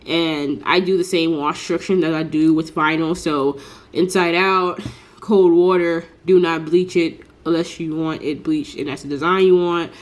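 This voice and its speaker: A woman's voice: sits low, steady tone, normal speed. Congested woman in a chatty craft vlog. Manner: chatty, rambling with many fillers. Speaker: small business crafter. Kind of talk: casual tutorial vlog.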